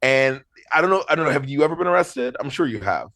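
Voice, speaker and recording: Man, podcast guest, animated storyteller, fairly high voice, laughs a lot. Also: fast, vocal fry, no room sound, clean studio sound. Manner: animated storyteller, laughs often, acts out quotes. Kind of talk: casual chat, storytelling.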